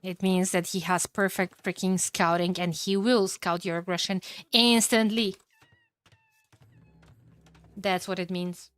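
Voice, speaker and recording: Excitable Romanian-accented woman streamer. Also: lowish voice, measured pace, long pauses. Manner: excitable, chatty, bursts of loud exclamations, casual swearing. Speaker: streamer casting games. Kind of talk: live game commentary and chat reading.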